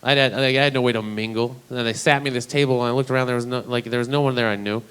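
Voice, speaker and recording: This is a young man doing stand-up at a small live venue. He is from Idaho and tells stories in a loose, profane, deadpan way. His voice sits at an everyday middle pitch. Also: racing, clean tone. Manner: casual, profane, deadpan storytelling. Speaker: stand-up comedian. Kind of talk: stand-up comedy set.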